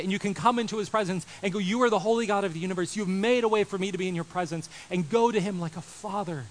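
A man in his thirties preaching a sermon, animated, moving from loud emphasis to quiet intensity. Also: high voice, fast talker, few pauses, rough recording. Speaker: pastor.

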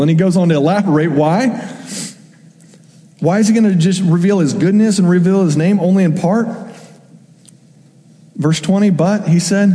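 A young man delivers a sermon in a chatty, animated way, tossing questions at his listeners. His voice sits high but sounds mellow and soft-edged. A long reverb trails each phrase, as in a large hall. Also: moderate pace. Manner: conversational, animated preaching with asides. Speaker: pastor.

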